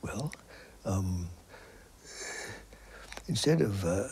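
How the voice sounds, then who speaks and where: Reflecting in an interview, an older man speaks in a lowish, gravelly, sing-song voice with a breathy edge. His answers come haltingly with many restarts, often fading to a near whisper.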